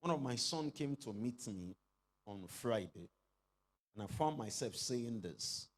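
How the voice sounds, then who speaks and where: A middle-aged man preaching a sermon as pastor, leading the congregation in call-and-response and rising to shouted exclamations. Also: mid-range voice, expressive, unhurried.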